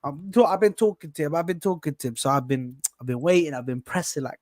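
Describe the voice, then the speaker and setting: A man's voice: mid-range voice, fast, few pauses, no room sound, studio quality. A man hosting a football reaction panel in casual, slangy chat. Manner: animated, slangy, says bro a lot. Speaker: channel host.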